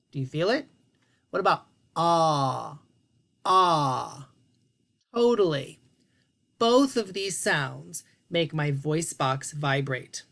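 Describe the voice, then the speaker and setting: Slow, patient woman teaching children. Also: deep voice. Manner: patient, encouraging, speaks to young children. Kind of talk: children's phonics lesson.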